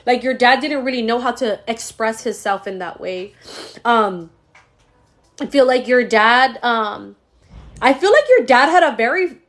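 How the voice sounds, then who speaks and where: A woman's voice: a little high, lively intonation, a little slow, fairly bright tone. A woman giving a live-stream psychic reading in a casual, slangy way, swearing freely, talking straight to the viewer and letting her feelings show. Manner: emotional, laughs often while reading. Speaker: psychic medium.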